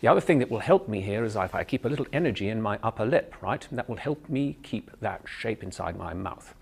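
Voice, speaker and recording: Gravelly Canadian man teaching voice. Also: fairly low pitch, lively intonation, quick pace. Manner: clear, patient explaining with demonstrations. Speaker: drama professor, voice and speech teacher. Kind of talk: instructional video lesson.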